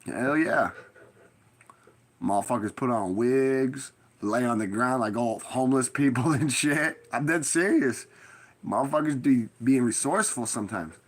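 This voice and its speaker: A man's voice: medium pitch, lively intonation, measured pace. A man in a casual rambling monologue, giving blunt street advice in heavy slang and constant profanity, with stern warnings.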